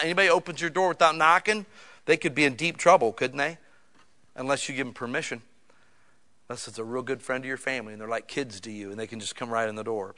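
Bright-voiced pastor swinging loud to hushed. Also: male voice, fairly high pitch. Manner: conversational preaching that swings from loud emphatic bursts to quiet, intimate asides. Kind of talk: sermon. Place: small church.

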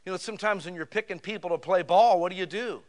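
A middle-aged man delivers a sermon in a notably high voice. His preaching is folksy and animated, swinging between loud exclamations and quiet storytelling. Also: fast talker. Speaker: pastor.

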